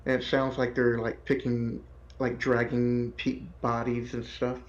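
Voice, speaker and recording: A man narrating as game master of a tabletop game, in a relaxed way with many fillers. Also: medium pitch, unhurried, lo-fi sound.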